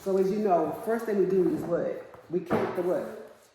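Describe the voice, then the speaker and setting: A woman's voice: fairly low pitch, normal speed, dark tone, a little hiss or hum. Woman teacher quizzing a class. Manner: patient, asks questions to prompt answers. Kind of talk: classroom instruction. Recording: echoey classroom with long reverb.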